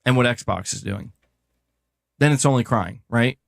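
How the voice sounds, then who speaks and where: A man's voice: medium pitch, unhurried, vocal fry, no echo, studio quality. A young man co-hosting a livestream, complaining in exasperated, profane casual chat. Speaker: livestream co-host.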